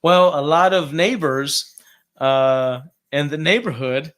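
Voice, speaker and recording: Animated, swearing male podcast host. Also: a little high, slow. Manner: animated, swears a lot, acts out quotes. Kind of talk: casual chat, storytelling.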